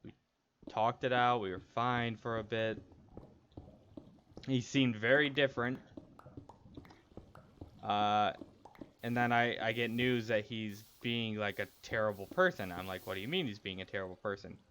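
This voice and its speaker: A young man gaming on stream tells a personal story in a casual, candid ramble, restarting again and again. His mid-range voice is steady and fairly bright, a little slow with long pauses, and the lo-fi audio is dull with faint noise.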